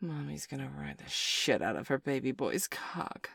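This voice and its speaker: A woman's voice: very deep voice, expressive, moderate pace, a bit bright, no echo, heavily acted. A woman performing an adult audio role-play as a possessive, doting character, speaking breathily with moans and whispered stretches. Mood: breathy. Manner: breathy, moaning, partly whispered.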